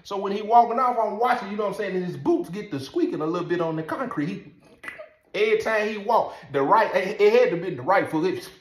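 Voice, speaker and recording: A man telling a story in a casual, animated way, laughing often and asking "you know what I'm saying". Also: high voice, fast talker. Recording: roomy echo.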